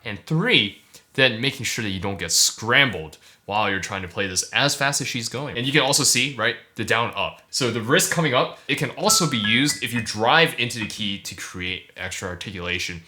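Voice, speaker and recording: A man, a pianist, gives casual, enthusiastic reaction commentary on a performance, full of fillers and excited outbursts. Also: mid-range voice, normal speed, a little hiss or hum. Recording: piano music playing behind.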